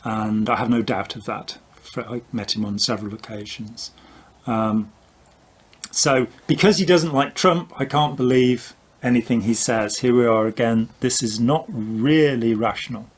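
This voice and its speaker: An older man talks through a point in casual conversation, the tone explanatory and patient. His voice carries a husky, slightly breathy texture. Now and then a dry, wry joke slips in. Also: medium pitch, unhurried. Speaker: author and commentator.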